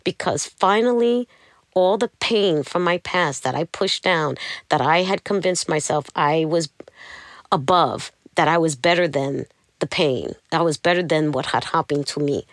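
A woman recounts her life as an interview guest, slipping into the voices of the people in her stories. Her voice sits fairly low, and it is recorded close and dry, with no room sound. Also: measured pace, dry recording. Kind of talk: candid interview storytelling.

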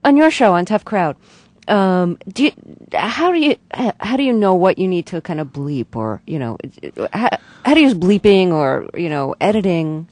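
A radio host interviewing a guest, asking long, measured questions. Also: medium pitch, animated, darkish tone, no room sound.

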